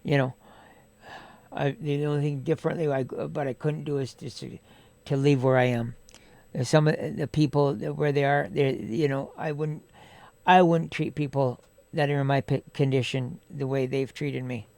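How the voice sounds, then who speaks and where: A man's voice: medium pitch, fairly even intonation, normal speed, creaky, a little mellow, no echo. A man talking casually and bluntly as a podcast guest, swearing a lot and filling his talk with "right?". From Canada. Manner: blunt, heavy swearing, many fillers. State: undergoing chemotherapy. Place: podcast studio.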